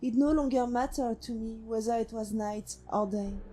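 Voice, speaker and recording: A woman voicing a haunted female synth who was once a killer, telling her past in slow, brooding monologue. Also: on the high side, mellow, slight background noise, close to an everyday voice. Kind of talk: game companion monologue. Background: faint music.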